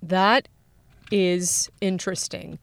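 A woman co-hosting a casual podcast in a teasing, playful way. Her voice is smooth and clear, recorded close and dry. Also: on the low side, fairly even intonation, slow pace, no room sound. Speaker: podcast co-host. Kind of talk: casual chat.

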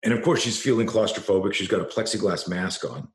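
A deep-voiced man speaks as a self-defense coach, passionate and blunt, swearing and circling back over his words. The recording has a noticeable room echo. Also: fast talker. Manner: passionate, profane, repeats himself at restarts. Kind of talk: storytelling interview guest.

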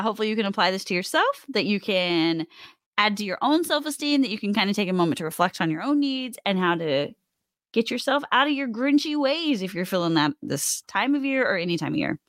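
A woman's voice: mid-range voice, expressive, a little fast, a bit bright, no echo. A woman co-hosts a casual podcast, encouraging and upbeat, and her voice rises and falls a lot. The sound is close and dry. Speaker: podcast co-host. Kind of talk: casual chat.

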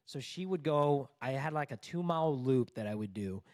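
A man in his thirties, a coach, telling a personal story in a casual interview, animated and conversational with lots of "like" and "bro". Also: mid-range voice, moderate pace, dry recording, clean studio sound. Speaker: divorce recovery coach, podcast guest.

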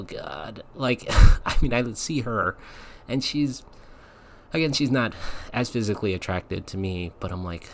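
A podcast host with a lowish voice chats his way through a personal story, laughing often and acting out the lines people said. A little hiss or hum sits under the recording.

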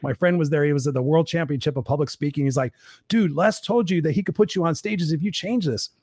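A man speaking in casual chat, telling a story fast and emphatically, with words like "literally" repeated. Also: on the high side, a little mellow, husky, dry recording, studio quality.

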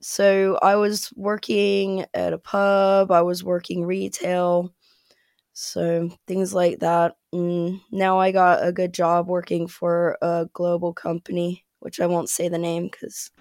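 A woman's voice: on the low side, monotone, takes it slowly, a little mellow, no room sound, clean studio sound. An American woman talking as a podcast guest, chatty and rambling, with frequent fillers and laughs. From United States. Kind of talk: casual interview chat.

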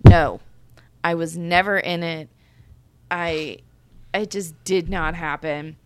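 A woman's voice: fairly low pitch, takes it slowly, clean tone. A woman co-hosting a book podcast, ranting in casual chat full of "like" and swearing. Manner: animated, profane ranting with lots of "like". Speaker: podcast co-host reviewing a book.

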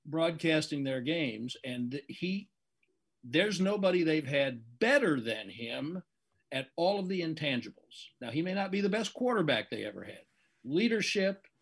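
An older man, a veteran sports broadcaster, giving measured, analytical answers in an interview. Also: a little high, breathy edge.

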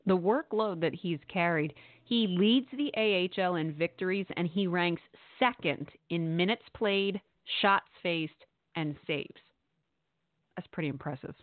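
A woman's voice: lowish voice, unhurried, no room sound. A woman co-hosting a sports radio podcast, talking in a chatty, amused way with many fillers. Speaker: podcast co-host. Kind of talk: casual sports radio commentary. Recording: tinny phone-like line, dry.

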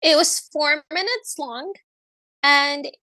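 A woman's voice: high voice, takes it slowly, pushed and bright, no echo. A woman co-hosting a podcast, recapping a movie in a chatty, wry way. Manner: chatty, wry, slips into voices. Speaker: podcast co-host. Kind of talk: casual chat recapping a movie.

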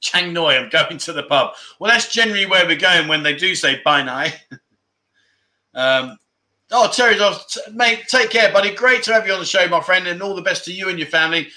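Bright-voiced man hosting a live chat. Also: sits high, lively intonation, a little fast. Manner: laughs often, jokey banter with chat. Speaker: livestream host. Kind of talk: casual livestream chat reading viewer comments. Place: room at home with aircon.

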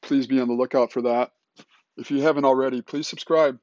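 A man hosting a podcast, easygoing and wry as he banters with guests. His voice sits at a middle pitch, and the recording has a slightly dull, lo-fi tone. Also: fairly quick, no room sound. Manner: relaxed, joking outro and banter. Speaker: podcast host. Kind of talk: casual podcast chat.

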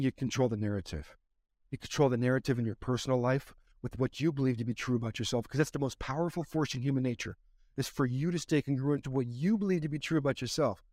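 A man's voice: medium pitch, darkish tone, no echo, studio quality. A man, a former pro athlete, giving a fervent motivational answer in a podcast interview, circling back to the same phrases like a preacher. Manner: impassioned, repetitive, preacher-like delivery. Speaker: podcast guest, former baseball player.

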